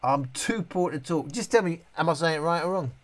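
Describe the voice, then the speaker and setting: Reading out viewer comments on his casual live stream, this middle-aged man responds in rambling fashion, breaking off and restarting often. He speaks briskly, with a somewhat high voice and lively intonation.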